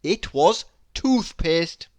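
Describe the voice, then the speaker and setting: A woman reading a children's picture book aloud, in an expressive storyteller manner. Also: on the low side, no room sound. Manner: expressive, animated reading with slow pacing.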